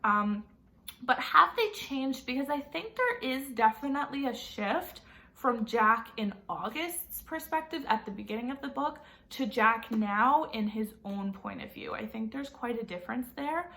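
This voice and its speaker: A woman's voice: on the high side, expressive, unhurried, vocal fry, sharp tone. A woman teacher reading a novel aloud and asking her students friendly questions.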